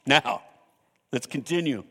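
A man's voice: fairly high pitch, slow, gravelly, a bit bright, slightly rough, long reverb tail. A man preaching a sermon, earnest and emphatic, reading scripture aloud.

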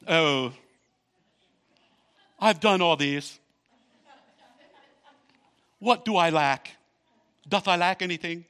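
A pompous, self-satisfied rich young man, haughty and mock-archaic, with a bright, pinched edge, as a preacher puts him on. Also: on the high side, slow pace, long pauses, clean tone. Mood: smug.

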